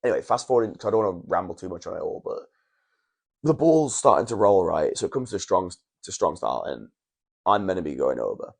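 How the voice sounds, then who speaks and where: A man's voice: low voice, animated, fast talker, gravelly, slightly rough. A young man, a wrestler, telling long stories in a casual podcast chat in a hotel room, with restarts and swearing. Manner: rambling storytelling, frequent restarts and swearing.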